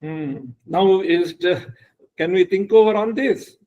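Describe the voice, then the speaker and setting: A man teaching a spiritual class online, telling stories in a halting way with many fillers and restarts. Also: high-pitched, animated, warm tone, lo-fi sound. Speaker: Vedanta teacher. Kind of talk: online spiritual lecture with storytelling.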